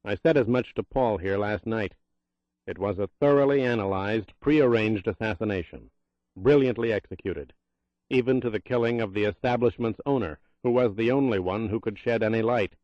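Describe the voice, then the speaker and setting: A man's voice: on the low side, normal speed, dry recording, lo-fi sound, close to an everyday voice. A man reading a self-assured spy chief. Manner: assured, briefing tone. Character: confident male intelligence agency director.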